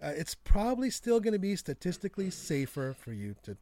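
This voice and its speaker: A man's voice: sits high, brisk, slight background noise. A man hosting a casual group chat, laughing often and joking between points. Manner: laughs often, jokey and animated. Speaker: podcast host.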